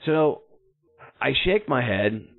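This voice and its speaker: A man's voice: mid-range voice, lively intonation, slow pace, vocal fry. A man hosting a podcast, telling a personal story in a blunt, salty, self-mocking way. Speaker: podcast host. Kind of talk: storytelling monologue. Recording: narrow phone-like sound.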